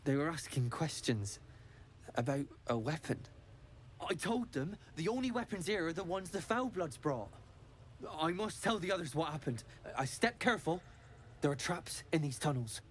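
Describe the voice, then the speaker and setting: A man's voice: a little high, lively intonation, normal speed, slight background noise, lightly acted. A man voicing a grateful rescued villager. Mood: earnest. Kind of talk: video game dialogue.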